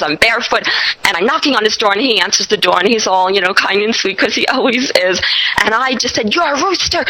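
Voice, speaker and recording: A woman hosting an interview, telling a story in an animated way and laughing often. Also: mid-range voice, poor audio. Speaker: host.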